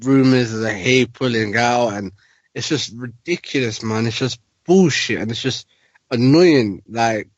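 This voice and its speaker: Annoyed male co-host ranting, muffled dry recording, mid-pitched voice. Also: measured pace, dry recording. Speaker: podcast co-host. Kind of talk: casual chat.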